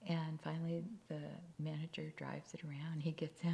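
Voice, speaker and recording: A woman tells a story as part of a sermon in a low, conversational voice with a gravelly edge. She often sinks to a near-whisper for emphasis. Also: fairly even intonation, brisk, warm tone.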